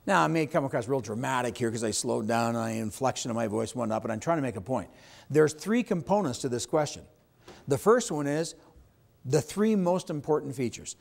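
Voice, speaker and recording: A real estate sales trainer runs a live seminar for agents, making his points emphatically and quizzing the audience. His mid-range voice is animated, a little fast, with vocal fry.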